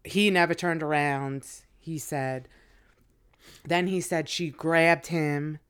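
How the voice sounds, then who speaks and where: A woman co-hosting a podcast as a guest, telling gossip stories in a relaxed, chatty way. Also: low voice, takes it slowly, clean tone. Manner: laid-back, chatty storyteller. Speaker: guest co-host. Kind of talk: casual podcast chat.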